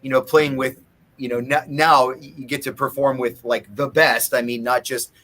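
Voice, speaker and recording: A man's voice: mid-range voice, level tone, normal speed, bright, forceful tone. Rambling man telling a story. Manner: rambling storyteller with many restarts. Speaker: guest musician. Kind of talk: casual interview chat.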